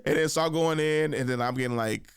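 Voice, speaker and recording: A man's voice: fairly high pitch, fast, clean tone, no echo. A young adult man hosting his own podcast, telling loose, rambling stories full of fillers and laughing at himself. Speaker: podcast host. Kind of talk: casual storytelling monologue.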